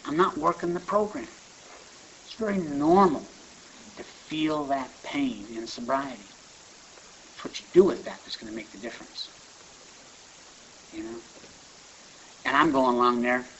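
A man speaks at a recovery meeting, circling his points with restarts and chatty asides. His voice sits a little high and sounds bright and forceful. The recording is dull and lo-fi, with a faint hiss underneath. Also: normal speed, long pauses. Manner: conversational, rambling with restarts and asides. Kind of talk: personal testimony talk.

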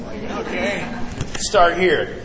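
A man sharing his recovery story with a live audience, animated and profane, talking straight to the crowd. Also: high-pitched, slow, slight background noise. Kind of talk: personal testimony to a live audience. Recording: reverberant hall with audience.

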